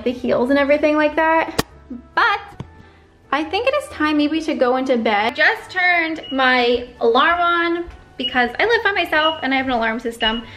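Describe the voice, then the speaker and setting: A young woman chatting to the camera at home in a chatty, dramatic way, full of quick exclamations. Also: sits high, fairly bright tone. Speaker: vlogger. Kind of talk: casual chat to camera. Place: home bedroom.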